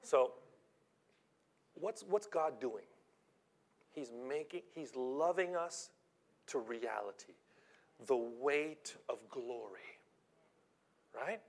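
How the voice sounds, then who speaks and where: A man's voice: medium pitch, expressive, gravelly. Guy preaching a sermon, casual storytelling tone, trips over words, stretches out the big lines. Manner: conversational storytelling with halting restarts. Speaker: pastor.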